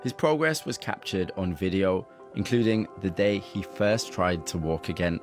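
Deep-voiced male documentary narrator. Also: moderate pace, soft background music.

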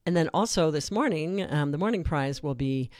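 A man hosting a public radio fund drive in relaxed, conversational talk from a studio. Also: on the high side, normal speed, dry recording. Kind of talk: on-air fund drive chat.

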